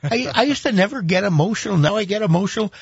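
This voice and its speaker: A man's voice: high-pitched, lively intonation, fast, breathy edge, no room sound, dull audio. A man who is a pastor gives an emphatic, preacher-like testimony in an interview, repeating words for weight.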